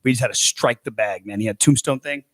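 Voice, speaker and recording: A man's voice: mid-range voice, fast talker, dry recording, clean studio sound. A young adult man co-hosting a podcast, telling a rambling story full of restarts and fillers. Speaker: podcast co-host, coach. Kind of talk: casual chat.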